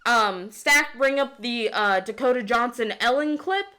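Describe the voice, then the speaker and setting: A woman's voice: a little high, measured pace, sharp tone, a little hiss or hum. A young woman ranting about comics in a casual vlog, heated and full of swearing and fillers. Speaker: comics vlogger. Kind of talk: casual rant.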